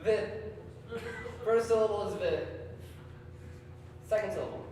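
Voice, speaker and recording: Guy doing improv on stage, high lively voice, keeps stumbling over words, far-off mic in a big echoey hall w/ crowd noise. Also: measured pace. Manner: animated, stammering repeats. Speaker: improv comedian. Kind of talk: live improv comedy. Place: large hall before an audience.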